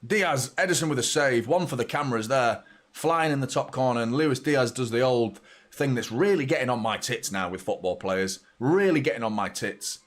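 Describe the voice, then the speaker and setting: Male fan-channel host, mid-pitched, blunt and sweary, live match commentary. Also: normal speed. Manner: blunt, sweary fan chatter mixed with play-by-play.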